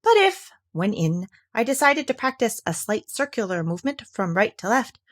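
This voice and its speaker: A woman voicing a gloomy, sarcastic old male donkey in a read-aloud storybook, speaking flat and slow. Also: on the high side. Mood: gloomy sarcasm.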